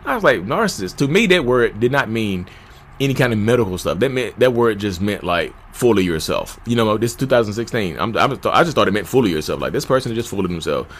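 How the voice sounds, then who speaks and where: Fast-talking candid man, low voice. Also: expressive. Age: 30s. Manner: candid, conversational, addresses listeners as "y'all"; jumps to shouting pitch when reenacting arguments. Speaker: podcast host. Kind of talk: personal storytelling monologue.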